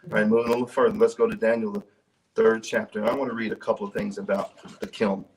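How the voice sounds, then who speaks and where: A preacher delivers a sermon with scripture reading in a church, speaking fast in a low, darkish, flat voice. He talks conversationally, repeats and restarts his words, and asks the congregation questions. The rough recording places him far from the mic.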